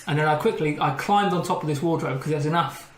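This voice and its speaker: A man's voice: on the high side, fast. A man rambling through a story on a podcast and laughing. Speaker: podcast co-host. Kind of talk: casual chat, anecdote. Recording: echoey room with faint noise.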